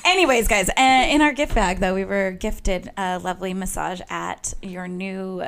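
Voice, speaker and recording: An animated middle-aged woman chats as a podcast guest, laughing often as she tells stories. Her voice keeps a lively, bubbly energy. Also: medium pitch, moderate pace, gravelly, clear, resonant tone. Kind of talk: casual chat.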